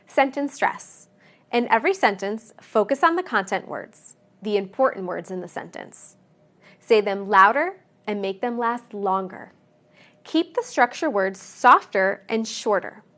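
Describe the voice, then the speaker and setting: A woman narrating a scripted pronunciation lesson, speaking clearly and deliberately and stressing each example word. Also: mid-range voice, animated, fairly bright tone. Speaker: English pronunciation teacher.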